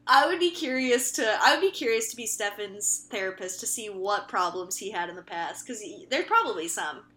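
A woman's voice: medium pitch, animated, brisk, bright, forceful tone. A young woman co-hosting a casual book podcast, giggly and crude, joking her way through the recap. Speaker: podcast co-host. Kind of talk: casual book-club chat.

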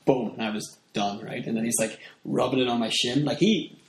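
A man from Northern Ireland, with a Northern Irish accent, tells stories in casual chat, rambling along with lots of fillers. His voice is medium-pitched and brisk, and the room is echoey, with a little hiss or hum.

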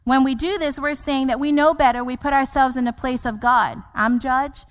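High-voiced woman pastor preaching. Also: steady tone, fairly quick. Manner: preaching with emphatic repetition, acting out scripture quotes. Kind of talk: sermon. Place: church sanctuary. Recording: long church hall reverb.

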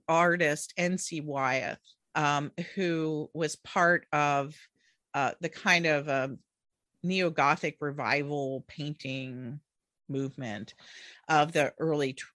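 A middle-aged woman with a somewhat low voice recounts a personal story as an interview guest. She tells it with animation and laughs easily. The recording is dry and close, with no room around her. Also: a bit bright, no room sound. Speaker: author and guest.

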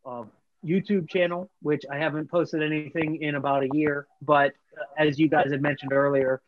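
A man's voice: on the high side, no room sound, dull audio. A man talking casually as a guest bait maker, rambling with many restarts. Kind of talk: casual podcast chat.

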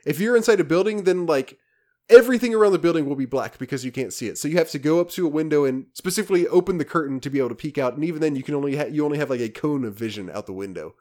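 A man co-hosting a casual podcast, telling a rambling, animated story about a video game with many restarts. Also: a little high, very fast. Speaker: podcast co-host.

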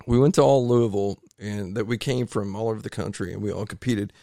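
A man with a low, gravelly voice tells a rambling, animated story, often stopping to restart his sentences. He is recorded dry and close in a home garage. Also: quick pace, no echo. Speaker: podcast guest, triathlete. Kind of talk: casual storytelling interview.

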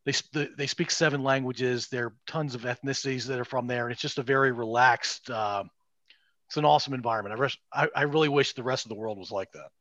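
A man's voice: medium pitch, fast talker, bright, forceful tone, dry recording, muffled recording. A middle-aged man co-hosting a podcast, chatting casually and rambling with restarts and asides. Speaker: podcast co-host. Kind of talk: casual chat.

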